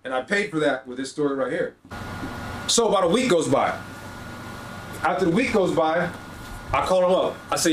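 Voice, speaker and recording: A man's voice: a little high, moderate pace, pauses often, roomy sound, slight background noise. A man hosting a podcast, telling a personal story in a casual, slangy way and acting out both sides of the conversations. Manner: animated storyteller, acts out dialogue, slangy. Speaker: podcast host.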